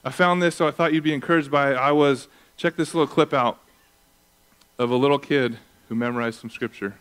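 Man, pastor, sermon, animated storytelling, acts out voices. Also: mid-range voice, fairly quick, clear, resonant tone.

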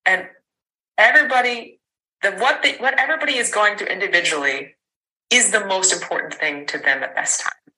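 A woman's voice: medium pitch, brisk, sharp tone, a little hiss or hum, poor audio. A woman in her thirties, a podcast guest, tells a personal story candidly, rambling with fillers and restarts and an occasional swear word.

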